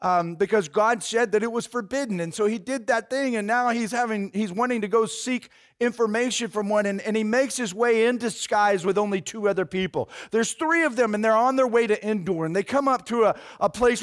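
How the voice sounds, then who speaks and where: A man preaching a sermon, retelling a story with animated, conversational energy. His voice sits noticeably high, and he uses casual fillers as he goes. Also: a little fast, hardly any pauses.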